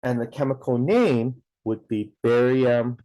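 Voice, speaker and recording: A man's voice: mid-range voice, unhurried, mellow, no room sound. A man teaching a science lesson, explaining step by step in a patient way, with a lot of "okay" and "now". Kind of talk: recorded classroom lesson.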